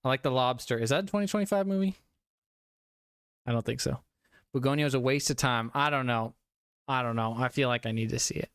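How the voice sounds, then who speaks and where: A medium-pitched young man talks a little fast but pauses often while casually reviewing a movie on his stream, slightly tipsy, rambling, cursing, and laughing. His fairly bright, clean voice comes through in clean studio sound without echo.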